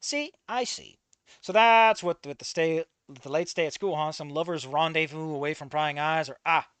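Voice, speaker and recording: A man's voice: fairly high pitch, normal speed, fairly bright tone, clean tone, no room sound, natural voice. Smarmy nasal cabbie who loves to needle his passengers, voiced by a man reading a story. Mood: smug. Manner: mocking, teasing. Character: smarmy nosy middle-aged male cab driver.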